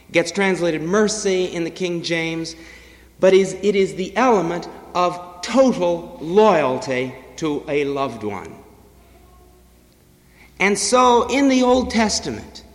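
A man preaching a sermon, swinging between loud declarations and hushed, low-pitched passages. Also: in a large hall.

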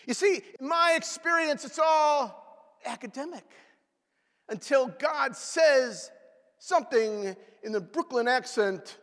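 A man preaching a sermon with dramatic swings between loud exclamations and hushed whispers. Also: high-pitched, expressive, measured pace. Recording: long reverb of a large hall.

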